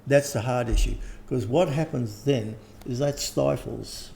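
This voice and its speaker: Older man, gravelly, dark tone, rambling interview talk, faint background hiss. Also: mid-range voice, a little slow. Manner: rambling, frequent restarts and throat clearing. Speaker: interviewed teacher. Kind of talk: casual conversation.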